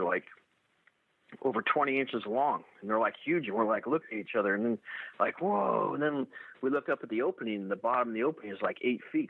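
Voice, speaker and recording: A man telling his own encounter story in a halting way, full of restarts and fillers. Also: lowish voice, husky, no echo. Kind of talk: first-person storytelling. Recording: tinny dry phone-like radio audio.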